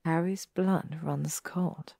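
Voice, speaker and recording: A woman narrates a story in a measured, steady way. Her voice is low with a gravelly fry, and the recording is dry and close. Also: no echo. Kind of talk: audiobook reading of fan fiction.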